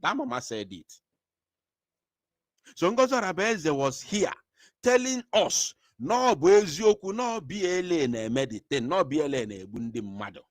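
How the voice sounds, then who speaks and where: A man's voice: medium pitch, sing-song, moderate pace, dry recording. Fired-up guy ranting, voice jumps all over, dry close sound. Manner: fiery, emphatic, mixes Igbo and English. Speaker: political commentator. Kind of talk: impassioned commentary.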